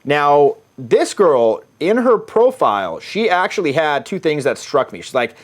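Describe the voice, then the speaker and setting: This middle-aged man from the US has a voice on the high side and is very animated but unhurried. As a dating coach, he reads his dating-app conversations aloud casually and with plenty of swearing, frequently cracking himself up.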